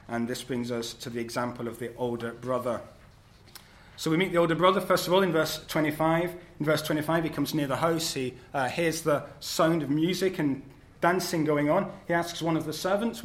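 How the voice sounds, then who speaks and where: Earnest male preacher, slightly high voice. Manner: earnest, measured preaching with fillers. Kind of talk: sermon. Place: church service.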